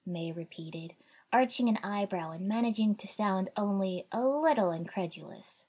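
A woman narrating a first-person fan fiction story in a wry, conversational way, raising her voice for shouted dialogue. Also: medium pitch, lively intonation, normal speed, husky. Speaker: audiobook narrator.

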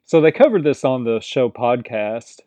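A man casually recapping a TV episode, rambling and quoting the characters in quick put-on voices. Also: medium pitch, animated, darkish tone, no room sound. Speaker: podcast host recapping a TV episode. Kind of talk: casual chat.

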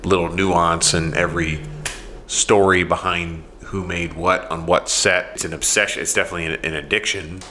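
A man's voice: low voice, fairly even intonation, moderate pace, sharp tone, a little hiss or hum. A man talking casually with a friend, laid-back and teasing, often laughing. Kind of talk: casual chat.

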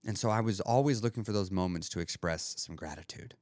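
A man's voice: low voice, fast, a little mellow, no room sound. Earnest man, dry close podcast voice. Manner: earnest, motivational, thinking aloud with restarts. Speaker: podcast host. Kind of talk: reflective podcast monologue.

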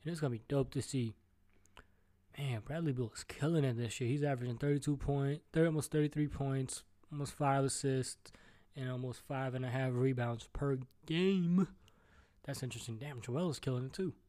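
A man's voice: medium pitch, moderate pace, mellow. Rambling, profane man hosting a podcast. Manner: rambling, profane, jumps between topics; stutters and restarts. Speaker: podcast host. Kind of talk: solo podcast rant. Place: at home.

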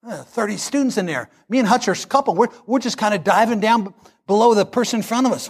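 Male preacher, high voice, energetic storyteller who builds to shouts. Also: quick pace, husky. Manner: animated storytelling, swells into shouting. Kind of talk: sermon.

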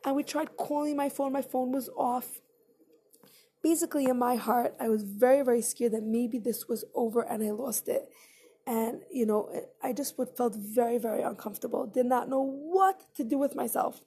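A woman with a high voice tells a personal story straight to her viewers. She speaks earnestly and emotionally, in a loose, conversational way. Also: moderate pace, dark tone, breathy edge. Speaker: vlogger.

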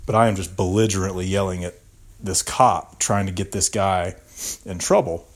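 A young man spins a profane, animated story on his podcast. His voice sits a little low for a man, and he talks loosely, the way you would tell it to friends. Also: normal speed. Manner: profane, animated anecdote telling. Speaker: podcast host. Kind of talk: casual storytelling.

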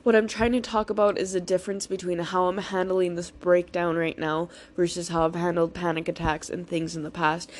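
A woman's voice: lowish voice, level tone, brisk, hardly any pauses. Tearful woman talking through emotions. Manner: raw, tearful, self-reassuring, swears freely. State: crying, emotional. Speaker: vlogger. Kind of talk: emotional personal vlog.

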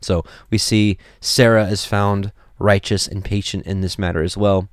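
Guy preaching and reading scripture, low smooth voice, dry close sound, lots of ums between verses. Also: moderate pace, hardly any pauses, no echo. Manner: reads scripture aloud in a steady, earnest voice with fillers.

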